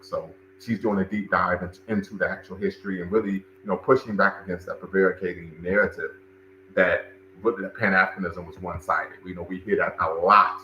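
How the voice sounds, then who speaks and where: A man's voice: low-pitched, bright, forceful tone, echoey room, muffled recording, slight background noise. A man hosting a livestream, commenting and talking with his chat, emphatic and repeating phrases for stress. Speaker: livestream show host and cultural center director.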